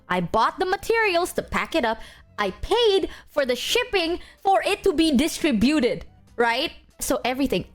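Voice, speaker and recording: A woman streamer chatting casually to her viewers, ranting emphatically and swearing often. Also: a little high.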